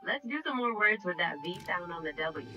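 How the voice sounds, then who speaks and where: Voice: medium pitch, animated, fairly quick, sharp tone, far from the mic, faint music behind, poor audio. A text-to-speech assistant voice coaching a player through pronunciation, cheerful, patient and encouraging. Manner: upbeat, encouraging, patient teacher. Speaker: AI voice assistant co-host. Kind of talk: language tutoring chat.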